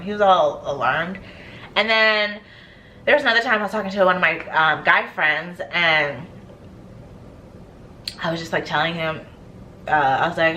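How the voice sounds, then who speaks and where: A woman's voice: lowish voice, normal speed, long pauses, sharp tone, a little hiss or hum. A woman vlogger chatting casually about her skincare, laughing often and acting out stories. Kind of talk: casual chat.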